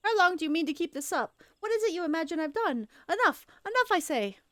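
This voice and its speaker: A woman's voice: a little high, normal speed, a bit bright, clean tone, no room sound, studio quality, pitched above the performer's own voice, close to an everyday voice. A woman voicing a treacherous, greedy male soldier who panics and pleads, reading game dialogue aloud on stream. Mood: defensive. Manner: panicky pleading, then gloating.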